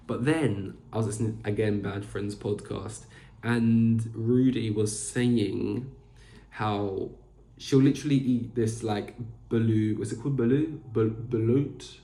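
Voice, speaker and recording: A young man hosts a podcast solo, rambling casually with plenty of fillers and restarts in an echoey room. His voice is fairly low and mellow, with a steady tone and a slightly slow pace.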